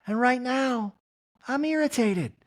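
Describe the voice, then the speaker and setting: Guy doing a high fed-up housewife voice, defiant, swoops all over. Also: expressive, slow pace, exaggerated voice. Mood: irritated defiant. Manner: exasperated, mockingly dramatic. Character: irritated defiant middle-aged reality-TV wife.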